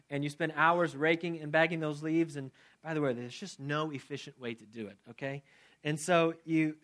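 Middle-aged pastor guy preaching, fairly high voice, chatty, asks the crowd stuff, gets loud then real soft. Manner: conversational, asks the congregation questions; swings from loud emphasis to soft, quiet prayer. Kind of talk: sermon with closing prayer.

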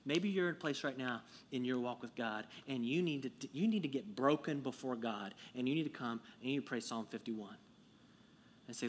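A man preaching a sermon to his congregation, conversational and earnest, dropping to a hush and then rising to emphatic peaks. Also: medium pitch, moderate pace, slight background noise. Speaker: pastor.

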